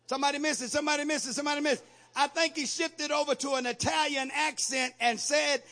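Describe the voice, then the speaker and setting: A male pastor preaching a sermon with call-and-response, building from steady teaching to shouted exhortation. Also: very high-pitched, normal speed.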